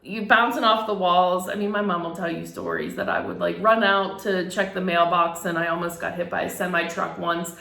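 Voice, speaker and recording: A woman's voice: lowish voice, fairly even intonation, moderate pace, vocal fry, hardly any pauses, pushed and bright. Middle-aged woman opening up about her past, candid and a bit emotional, lots of ums, roomy echo. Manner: candid and emotional, with laughs and fillers. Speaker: boudoir photographer sharing a personal story. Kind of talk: personal storytelling monologue. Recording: echoey room.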